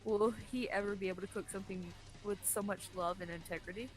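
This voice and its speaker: A woman's voice: mid-range voice, fairly even intonation, fast talker, rough recording. A woman narrating a visual novel playthrough with friends, reading the text aloud with wry asides.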